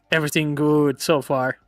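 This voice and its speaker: A young man chats on his stream, his voice bright and laughter never far away. The sound is dry and close, with faint music playing underneath. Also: fairly high pitch, no echo. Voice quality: giggly, laughs often. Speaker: VTuber streamer host. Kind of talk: casual chat.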